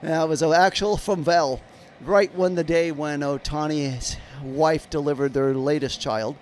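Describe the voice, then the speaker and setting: A man with a notably high voice calls a baseball game live for his stream. He mixes the pitch-by-pitch calls with loose, rambling chat to viewers. A faint hum of background noise sits under his voice. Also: steady tone, measured pace, darkish tone. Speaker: livestream baseball commentator. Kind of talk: live play-by-play commentary.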